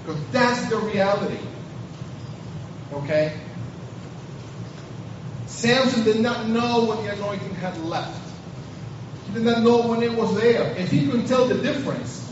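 A man preaching a sermon, telling the story with animated asides and acting out the characters. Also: high voice, a little slow, pauses often, background noise. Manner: animated storytelling, acts out scenes. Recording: echoey hall, distant, dull.

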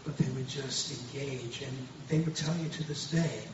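Earnest pastor in an echoey room. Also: male voice, medium pitch, moderate pace. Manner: earnest, emphatic, repeats himself and restarts. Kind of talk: personal testimony in an interview. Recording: very echoey distant room, dull and noisy.

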